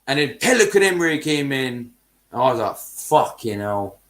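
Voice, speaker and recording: A man's voice: mid-range voice, expressive, a little fast, fairly bright tone. A man hosting a football podcast, ranting heatedly in casual chat, swearing and using heavy street slang.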